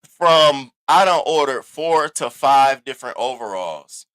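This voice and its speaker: A man's voice: a little slow, clear, resonant tone. Sassy, swooping male livestream host. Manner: animated, sassy and profane, with big swoops in pitch; repeats catchphrases for emphasis. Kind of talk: casual live commentary.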